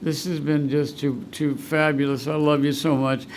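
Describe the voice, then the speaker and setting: A man's voice: fairly high pitch, level tone, moderate pace, darkish tone, a little hiss or hum. A man speaking as the guest speaker at a recovery meeting, telling a rambling, heartfelt personal story and choking up with emotion. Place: meeting room at a school.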